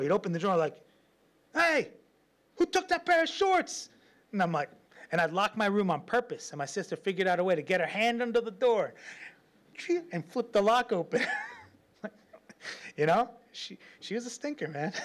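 Male pastor, sermon, fairly high voice, lively storytelling, frequent laughs. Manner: animated storytelling, laughs often, acts out quotes.

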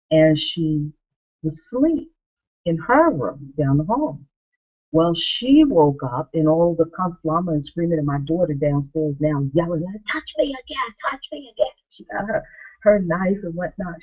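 A woman in her thirties, a vlogger, telling a family story to camera and acting out the people in it with lively swings in her voice. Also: sits low, slightly rough, muffled recording. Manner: animated, acts out quoted voices.

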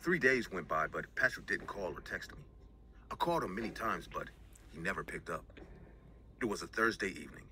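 A man reading a first-person scary story as scripted narration, in an even storytelling manner. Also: low-pitched, fairly quick, soft background music.

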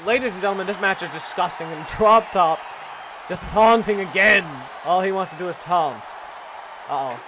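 A man doing casual, profane play-by-play commentary of a wrestling video game, excitable and jokey, often shouting and laughing. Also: on the high side. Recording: loud crowd and game noise behind. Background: video game arena crowd.

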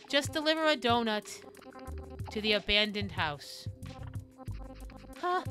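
A woman live-streams a game, reading its dialogue aloud in a slightly high voice. She reacts with animated jokes, squealing and whispering when things get scary.

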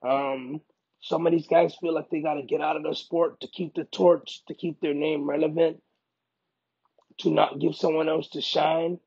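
A man, a professional fighter, speaking in a casual interview, emphatic and animated, often repeating himself for emphasis. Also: on the high side, normal speed, vocal fry, breathy edge, muffled recording. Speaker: MMA fighter.

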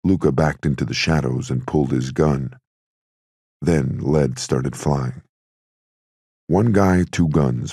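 A man giving steady, gritty scripted narration of an audiobook. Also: extremely low pitch, husky, no room sound, clean studio sound.

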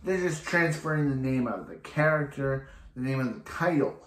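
A man's voice: medium pitch, expressive, normal speed, fairly bright tone, roomy sound. A man reviewing a TV episode in a casual, rambling recap full of restarts and filler words.

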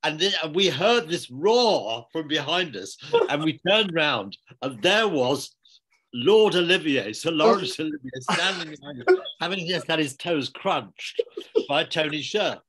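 An older man, a theatre director speaking in an online interview, telling stories in a measured, anecdotal way with frequent restarts. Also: on the high side, lively intonation, fairly bright tone. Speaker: theatre and film director, guest. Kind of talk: reflective interview conversation. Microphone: online video call.

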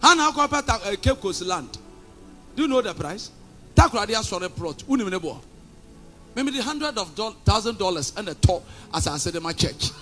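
Ghanaian pastor man, super high voice, swings up and down a lot, fiery combative preaching. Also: lively intonation, moderate pace, soft background music. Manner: combative, shouting, sing-song preaching mixing languages. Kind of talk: fiery sermon.

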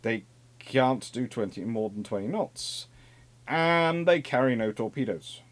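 A man giving an informal naval history lecture in a lively, conversational way, with asides and repeated phrases. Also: medium pitch, measured pace.

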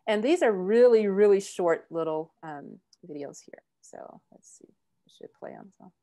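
A woman professor giving a presentation to a club meeting, halting and full of fillers. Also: mid-range voice, expressive, warm tone. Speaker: guest speaker, university professor.

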